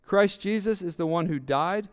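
A man's voice: high voice, normal speed, clean tone. A male pastor preaching a sermon, repeating words for emphasis and reading scripture aloud.

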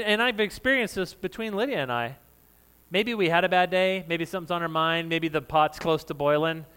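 A man with a fairly high voice preaching a sermon, loud by his own account. He talks to the congregation in a casual, conversational way. He jokes with them and laughs along. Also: clean tone. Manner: says of himself that he is loud. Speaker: pastor.

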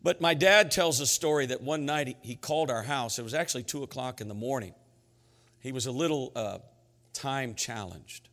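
A middle-aged man preaching a sermon in a church sanctuary, energetic and emphatic, telling stories between his points. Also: mid-range voice, normal speed. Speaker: pastor. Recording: reverberant church hall with faint music.

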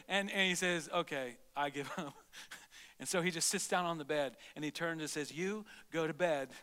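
A middle-aged man preaching a sermon as pastor, animated, swinging between loud exclamations and soft, low asides. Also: smooth. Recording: long reverb of a large hall.

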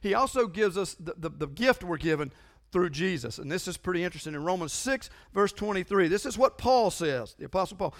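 High-voiced preacher man. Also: animated, a little fast. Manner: conversational, emphatic preaching with frequent repetition. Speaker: pastor. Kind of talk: sermon.

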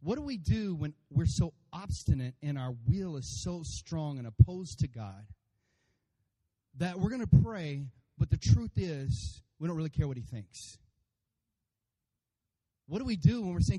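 Animated man preaching a sermon. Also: fairly high pitch, unhurried, breathy edge. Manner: animated, acts out funny voices for God and congregants; addresses congregation by name, calls for amens. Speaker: pastor.

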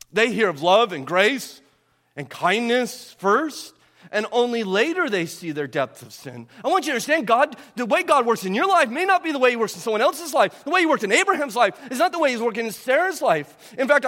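A man preaching with a high, light voice that rings out through a long hall reverb. He keeps asking his listeners questions and swings from loud, emphatic stretches to near-hushed ones. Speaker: pastor. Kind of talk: sermon.

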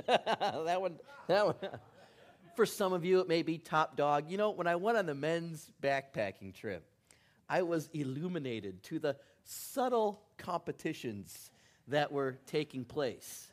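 A man preaching as a pastor talks in a lively, storytelling way and mixes jokes into his message. His voice sits a bit higher than most men's and moves freely up and down. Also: moderate pace. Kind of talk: sermon.

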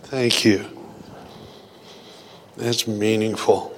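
Guy pastor, slow sermon, praying, echoey church hall. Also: fairly low pitch, flat delivery, a little hiss or hum. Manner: slow, deliberate preaching with prayer.

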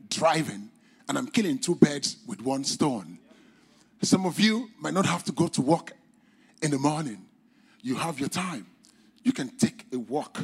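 A man with a non-native English accent preaches a sermon in a husky, slightly high voice. He uses formal, old-fashioned words and swings between loud, high outbursts and quiet, low asides. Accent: non-native English accent, speaker's own mention. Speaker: pastor.

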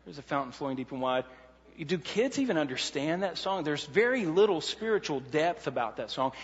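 A man's voice: a little high, long reverb tail, highs cut off. A man preaching a sermon in an earnest way, laying out numbered points and often restarting his sentences.

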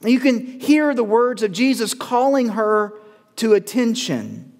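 A male pastor preaching a sermon, measured with dramatic pauses, building to urgent calls. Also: very high voice, very animated, a little mellow. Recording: long reverb of a church hall.

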